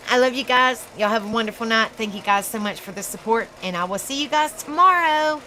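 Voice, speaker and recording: A woman with a Southern US accent hosting a casual live stream, chatty and laughing at herself often, in a dark room. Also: on the high side, fairly quick, slight background noise, rough recording. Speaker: livestream host.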